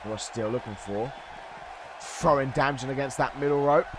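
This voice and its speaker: A man with a sore, strained throat doing live play-by-play commentary on a stream. He chats with viewers between calls and shouts at the big moments. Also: medium pitch, normal speed, crowd noise. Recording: noisy stream recording.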